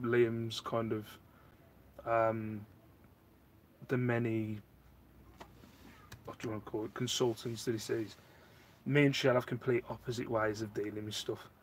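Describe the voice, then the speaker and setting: A man's voice: medium pitch, moderate pace, pauses often. A man, hosting a casual live stream, rambling and answering viewer chat, getting worked up at times. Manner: rambling, animated, gets worked up.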